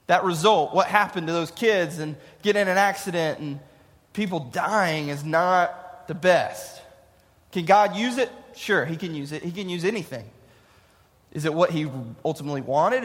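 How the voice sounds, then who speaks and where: Guy in his 30s giving a youth sermon, kinda high voice, jokey, lots of echo. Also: a bit bright. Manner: casual and joking, asks the crowd questions. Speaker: youth pastor. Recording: long hall reverb.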